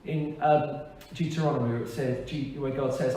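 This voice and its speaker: A man, a pastor, giving a frank, earnest testimony in a church service, with pauses and hesitations. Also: medium pitch, fairly even intonation, mellow, slight background noise. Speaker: church pastor on leave, interviewee. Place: large echoey church hall. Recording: echoey hall, distant mic, faint ambience.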